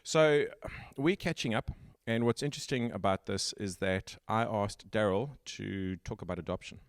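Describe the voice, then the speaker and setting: A man hosting a relaxed tech podcast, talking in a low register. He explains his ideas step by step in a conversational way. The sound is dry and close. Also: normal speed, no room sound. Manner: explanatory, builds points step by step. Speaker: podcast host. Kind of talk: casual tech interview chat.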